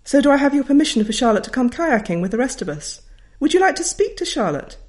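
A woman voicing a loud, super-confident schoolteacher who bellows brisk orders. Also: fairly high pitch, very animated, voice pushed up. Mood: hearty, commanding.

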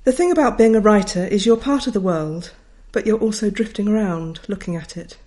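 A woman's voice: medium pitch, a little fast, mellow. A middle-aged woman, a writer reading her own memoir aloud in a wry, reflective way. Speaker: author.

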